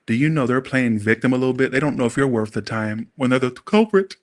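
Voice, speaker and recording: A man doing a casual tarot reading, talking straight to his viewers in a blunt, sassy, animated way. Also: medium pitch, fast. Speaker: tarot reader.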